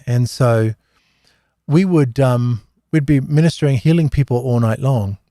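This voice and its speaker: A man's voice: medium pitch, measured pace, mellow, dry recording, clean studio sound. A middle-aged man hosting a live Q&A, telling rambling, anecdotal stories in a casual religious talk, full of fillers and restarts. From Australia. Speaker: host of a live Q&A.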